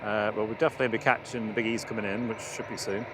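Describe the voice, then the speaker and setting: A man's voice: fairly low pitch, level tone, rapid-fire. Jokey man chatting outdoors, noisy background. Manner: jokey, laughs often, banters. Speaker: co-host of a live plane-spotting stream. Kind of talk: casual chat. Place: outdoors at an airport. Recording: outdoor stream with clear background noise.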